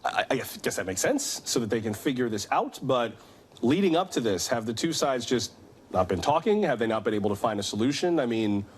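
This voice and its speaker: Measured male news anchor. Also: mid-range voice, sing-song. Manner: clear, measured newsreader delivery. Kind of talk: scripted news reading and interviewing.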